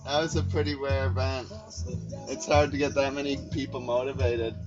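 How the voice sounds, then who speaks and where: A man's voice: medium pitch, little pitch movement, normal speed. A man hosting a casual chat, rambling through stories, swearing freely and ending his sentences with "eh". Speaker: host. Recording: dull lo-fi sound with loud music. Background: music playing.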